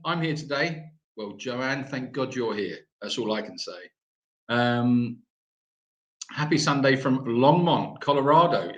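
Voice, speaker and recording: A man's voice: mid-range voice, a bit bright, reverberant. A man hosting a live stream Q&A, reading out viewer comments in a chatty, teasing way with lots of ums. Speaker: animal sanctuary host.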